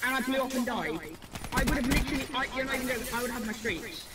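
A man's voice: extremely high pitch, fast, very noisy. A young man giving casual gameplay commentary, easily annoyed and rambling as he plays. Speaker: gaming YouTuber.

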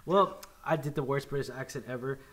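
A man's voice: medium pitch, a little fast, a bit bright. A young man hosting a casual movie review chat, upbeat and rambling with many restarts. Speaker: podcast host.

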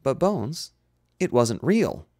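A man's voice: mid-range voice, big pitch swings, slow pace, darkish tone, dry recording, studio quality, voice pushed up. A man voicing a male starship captain who speaks in short, commanding bursts. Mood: terse. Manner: terse, commanding.

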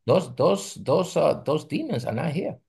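A man from a Bible study group speaks up haltingly and restarts his sentences often. His voice is gravelly and husky, and its pitch moves a lot as he talks. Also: big pitch swings, darkish tone. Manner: halting, hesitant, with many restarts. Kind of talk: group discussion comment.

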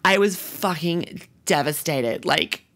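A man's voice: on the high side, expressive, slow pace, sharp tone, heavily acted. A man playing a vain, crude, self-obsessed young rich girl with a Sydney Australian accent, talking in a comedic vlog monologue full of "like" fillers. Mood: dramatic gossip. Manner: constant "like" fillers, bratty and self-absorbed.

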